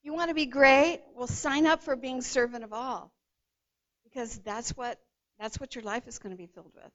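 A woman teaching a Bible passage in a lively, conversational way, sometimes acting out the voices of the people in the story. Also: on the high side, normal speed. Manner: animated retelling, acts out the disciples' voices. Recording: dull lo-fi sound.

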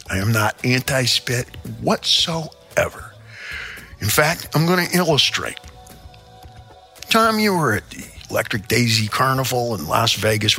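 A man's voice: mid-range voice, pushed and bright, breathy edge. An older man from the American Midwest hosting a show, telling a rambling, theatrical comic rant. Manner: theatrical, rambling storyteller with sudden asides. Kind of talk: comedic rant monologue.

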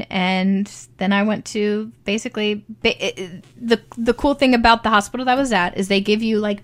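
A woman's voice: mid-range voice, a bit bright. A young woman casually telling her birth story, chatty, with many ums and likes, acting out what people said. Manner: chatty, frequent ums and likes, acts out quoted voices.

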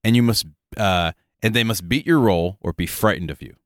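A man co-hosting a casual tabletop gaming podcast, rambling and joking with quick asides. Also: fairly low pitch, no room sound, clean studio sound. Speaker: podcast co-host.

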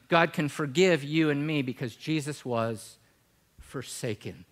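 A male pastor preaching a sermon in church, swinging from loud, emphatic passages to a hushed, prayerful voice. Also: fairly high pitch, a little slow.

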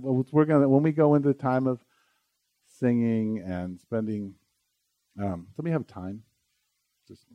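A man's voice: medium pitch, mellow, no echo. A man pastor preaching an earnest, conversational sermon during a church service, often restarting his phrases.

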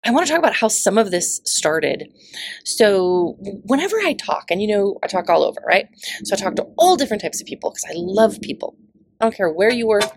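Raspy-voiced woman, middle-aged, upbeat podcast host, gushing and emphatic; dry close sound. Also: medium pitch, dry recording. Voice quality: raspy, gravelly voice. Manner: energetic and effusive, playful asides, emphatic repetition. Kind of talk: upbeat motivational podcast monologue.

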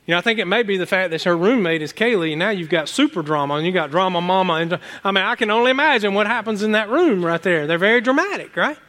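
High-voiced pastor telling animated stories. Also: male voice, fast talker, hardly any pauses. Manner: animated storyteller, many restarts and asides to the congregation. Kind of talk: sermon with personal stories.

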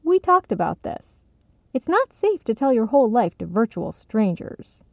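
A woman's voice: a little high, big pitch swings, moderate pace, gravelly, no room sound, pitched above the performer's own voice. A woman voicing a caring but pointed young woman in a storybook reading. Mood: reproachful. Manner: pointed, reproachful. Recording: slightly dull, dry recording.

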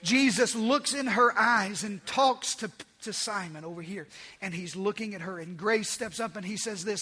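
A male pastor preaching a sermon, emphatic and repeating key phrases, swinging from loud declarations to hushed asides. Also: sits high, moderate pace, slightly rough.

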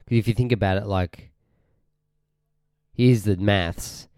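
A young Australian man hosts his own podcast, ranting in a rambling, swearing, easily irritated way. His voice sits very low and sounds smooth and resonant. The recording is close and dry, with no room sound. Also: slow pace, darkish tone, no echo. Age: young adult. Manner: rambling, irritated, sweary, often trails off mid-sentence. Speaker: podcast host. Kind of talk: casual ranting monologue.

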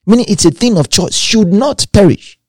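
With a husky voice pitched slightly high for a man and a darkish tone, this preacher reads scripture and stacks repeated phrases in an emphatic, expressive sermon at normal speed. The recording is close and dry, free of room sound.

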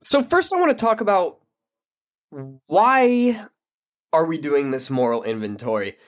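A man's voice: fairly high pitch, very animated, a little slow. A man hosting his own podcast, talking casually and candidly in a blunt, frank way that is laced with swearing. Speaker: podcast host. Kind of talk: casual solo podcast monologue.

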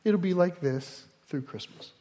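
A male pastor with a notably high voice, preaching in a loose, conversational way. He breaks off often for asides and explanations. His words ring with the long reverb of a big church hall. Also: a little slow, mellow. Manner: conversational teaching with frequent asides. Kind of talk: sermon.

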